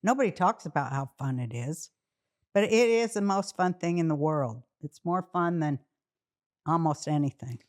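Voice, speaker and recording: A woman guest telling lively stories in casual chat, often breaking into laughter. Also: sits low, normal speed. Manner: animated storytelling, laughs often.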